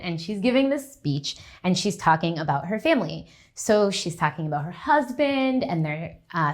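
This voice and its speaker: A young adult woman, a linguistics professor, giving a conversational conference lecture and often checking in with the audience. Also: lowish voice.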